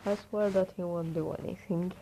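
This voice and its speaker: A woman voicing a calm, patient older male ninja teacher in a fan story reading, mild and soothing. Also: lowish voice, moderate pace, slight background noise, lightly acted, low-quality recording.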